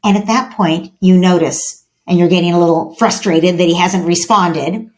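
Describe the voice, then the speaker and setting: A woman who is a parenting expert, speaking as a guest in a podcast interview. She speaks in an animated way and acts out little parent-child scenes. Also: lowish voice, normal speed.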